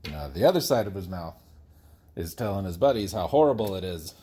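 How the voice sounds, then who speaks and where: Rambling, outspoken man with a lively voice. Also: deep voice, quick pace, a little hiss or hum. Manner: rambling and outspoken, jokes about himself. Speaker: DIY builder host. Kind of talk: casual talk while building.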